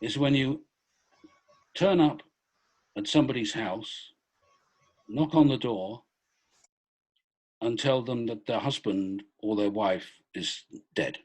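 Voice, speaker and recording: A man's voice: medium pitch, slow pace, long pauses, a little mellow. A middle-aged man, a former police officer, telling a story on a video call with many hesitant restarts. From Britain. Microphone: laptop on a video call.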